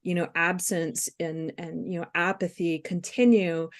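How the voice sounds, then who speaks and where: A woman speaking candidly as a webinar guest, halting with fillers and restarts. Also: fairly low pitch, little pitch movement. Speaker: guest speaker on compassion fatigue. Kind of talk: casual webinar conversation.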